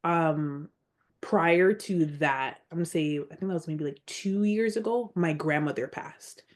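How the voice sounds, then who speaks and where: Woman, podcast guest, unhurried delivery, slightly low voice, earnest and heartfelt, near tears at times. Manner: heartfelt, earnest, slow and reflective. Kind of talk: personal storytelling in an interview.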